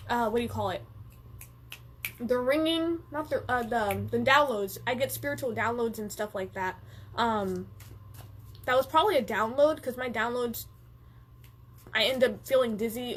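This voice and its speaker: A woman's voice: fairly high pitch, husky. A young woman hosting a live stream, chatting casually and swearing freely as she reads viewer comments and answers them. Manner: animated, profane, reads viewer comments aloud.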